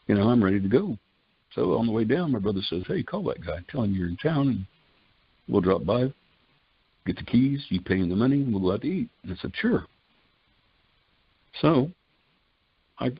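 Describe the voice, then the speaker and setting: A man's voice: sits low, vocal fry, husky, no echo. An older man giving a personal testimony in a folksy way, retelling conversations line by line in quotes. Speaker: testimony speaker. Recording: dull lo-fi dry recording.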